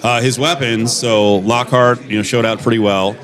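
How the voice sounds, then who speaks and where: A man's voice: mid-range voice, steady tone, moderate pace, crowd noise. A man hosting a sports talk radio show, asking rambling, chatty questions full of fillers.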